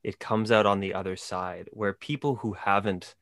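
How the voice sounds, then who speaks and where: A man with a lowish voice hosts a casual conversation about faith. He is thoughtful, and his speech is loose and full of "like". The sound is dry and close, with no room echo. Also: steady tone, normal speed, fairly bright tone. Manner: thoughtful, uses filler "like".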